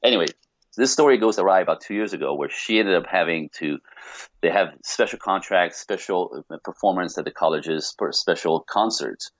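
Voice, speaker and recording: A man speaking as a podcast guest, telling a personal story in an animated way, with many restarts and rhetorical questions. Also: sits low, moderate pace, no echo, lo-fi sound.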